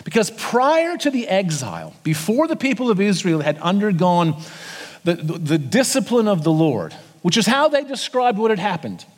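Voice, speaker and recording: Lively Australian pastor in a reverberant hall. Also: male voice, high voice, normal speed. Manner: conversational preaching, acts out voices of people. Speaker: senior pastor. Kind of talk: sermon. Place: church auditorium.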